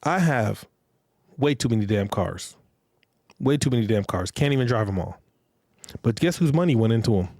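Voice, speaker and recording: A man's voice: medium pitch, animated, moderate pace, pauses often, darkish tone, no echo, studio quality. A man hosting a podcast, giving relationship advice in a blunt, profane, lecturing monologue and repeating phrases for emphasis. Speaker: podcast host.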